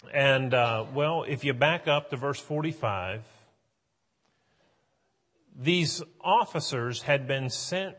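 Husky-voiced preacher in an echoing hall. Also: male voice, medium pitch, fairly bright tone. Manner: earnest, building to emphatic. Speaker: pastor. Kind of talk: sermon.

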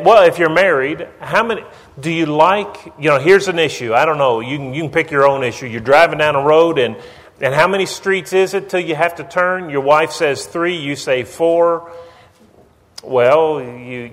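A middle-aged male pastor delivers a sermon in a relaxed, conversational way, drawing on homespun examples from family life. His voice is of ordinary middle pitch. A long reverb trails after his words, as in a large church. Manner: conversational, with folksy everyday examples.

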